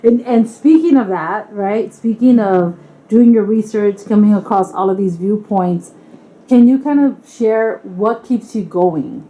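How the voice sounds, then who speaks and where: A woman's voice: mid-range voice, unhurried, dark tone, low-quality recording. A woman interviewer asking earnest questions, building them up through repeated phrases.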